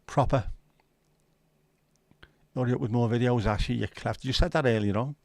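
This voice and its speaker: A middle-aged man chats on his home livestream, reading out viewers' comments with loose, sweary banter. His voice sits at an ordinary pitch and sounds dry and close, with little room echo. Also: normal speed, vocal fry, a little mellow. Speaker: livestream host. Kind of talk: casual livestream chat. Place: at home, window nearby.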